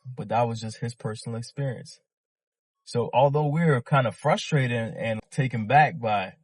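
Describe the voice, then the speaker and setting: A man in his thirties spins a story in a relaxed, slangy way. His voice sits in an ordinary middle register, recorded close and dry with no room sound around it. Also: medium pitch, no echo. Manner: laid-back, slangy storytelling. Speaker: vlogger. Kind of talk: casual storytelling monologue.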